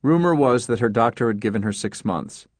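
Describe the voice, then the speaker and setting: A man narrating a story as an audiobook in a measured, understated way. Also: mid-range voice, animated, no echo.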